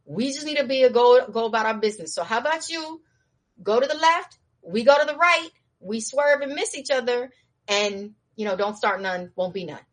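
A woman's voice: a little high, normal speed, close to an everyday voice. Woman as a level-headed guardian warrior, patient and down to earth. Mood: placating. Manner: steady, reasoning, street-casual. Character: calm, wise male warrior guardian.

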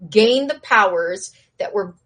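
A woman casually recapping a show in slangy talk, acting out the characters' lines in a higher voice and laughing now and then. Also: lively intonation, slow, fairly bright tone. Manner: chatty with frequent laughs and asides.

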